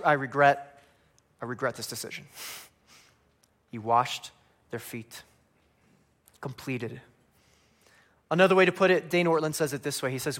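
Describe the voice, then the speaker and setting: A man preaching a sermon, animated, often asking "right?" and acting out humorous asides. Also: fairly high pitch. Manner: animated preaching, acting out humorous voices of biblical figures, tag questions. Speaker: pastor.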